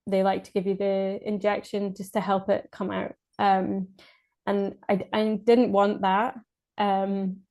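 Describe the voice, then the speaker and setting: A woman's voice: medium pitch, flat delivery, a little slow, a little mellow. A Scottish woman from Scotland, a podcast guest, telling her birth story in casual speech, hesitant with many fillers and restarts and frequent laughs.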